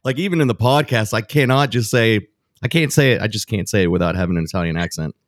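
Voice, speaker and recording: A man's voice: on the low side, quick pace, no echo, clean studio sound. A man hosting a podcast, upbeat and encouraging as he talks with his guest. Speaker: podcast host. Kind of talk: casual podcast conversation.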